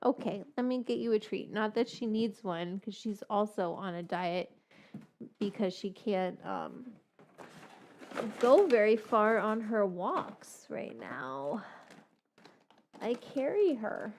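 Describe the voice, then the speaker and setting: A woman's voice: medium pitch, lively intonation, takes it slowly, long pauses, darkish tone. A woman in her thirties hosting a casual cooking vlog, chatty and rambling, breaking off to baby-talk to her dog. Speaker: cooking show host.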